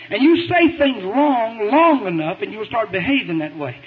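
A man preaching a sermon in a folksy, emphatic way, pushing into shouts, heard over a tinny radio broadcast. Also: sits high, expressive, normal speed, a crowd in the background. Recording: tinny phone-like radio broadcast with faint hiss.

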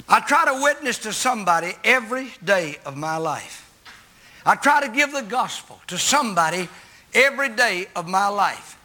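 A man's voice: sits high, sharp tone. A man preaching a sermon, telling a story in a folksy, emphatic way.

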